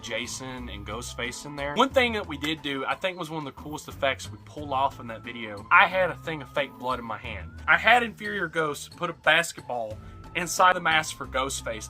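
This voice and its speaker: Young male YouTuber, bright and fairly high voice, animated retrospective voice-over, faint music underneath. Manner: animated, jumpy emphasis. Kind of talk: retrospective narration.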